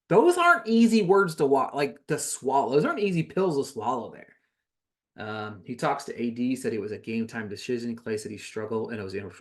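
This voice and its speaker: A man hosting a podcast, casually recapping a reality show episode, rambling with many fillers and self-corrections, his voice rising when he gives his opinion. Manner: gets louder and higher when giving his opinion.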